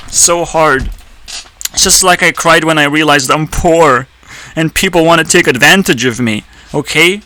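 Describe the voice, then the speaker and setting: Sharp-voiced ranting man. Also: a little slow, low-quality recording. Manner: profane, erratic ranting with sudden high-pitched outbursts. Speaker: YouTuber. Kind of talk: ranting commentary.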